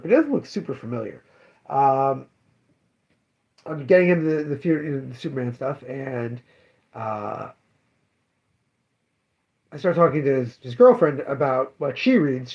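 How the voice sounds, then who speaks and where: A man's voice: medium pitch, dull audio. A man who runs a comic shop, telling customer stories in a casual, rambling way with many fillers and self-corrections. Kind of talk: casual spoken daily update.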